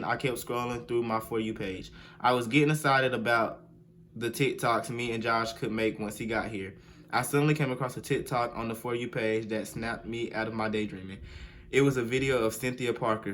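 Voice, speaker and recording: A young man hosting a video, reading fan fiction aloud with slangy, animated, mock-outraged commentary and bursts of sing-song. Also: medium pitch, slight background noise. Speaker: video host.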